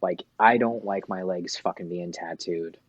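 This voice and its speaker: A man's voice: deep voice, unhurried, breathy edge, no echo, dull audio. A man, a tattoo artist, talking casually as a guest and swearing freely. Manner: laid-back, swears freely. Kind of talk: casual chat.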